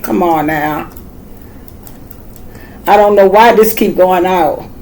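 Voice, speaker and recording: A woman's voice: fairly low pitch, takes it slowly, a little mellow, rough recording. An older woman with a Southern US accent giving a casual, folksy how-to demonstration, chatting and repeating herself as she works. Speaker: craft tutor.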